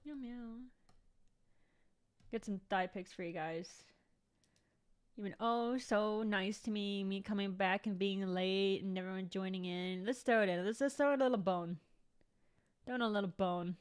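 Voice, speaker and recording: A woman's voice: mid-range voice, fairly even intonation, moderate pace, smooth. A young woman vlogging in casual chat to her viewers, rambling and swearing freely.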